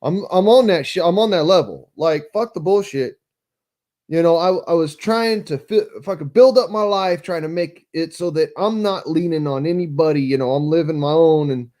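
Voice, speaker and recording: A man's voice: fairly high pitch, warm tone. A man ranting angrily and profanely on a live stream, bitter and heated. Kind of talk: angry live-stream rant.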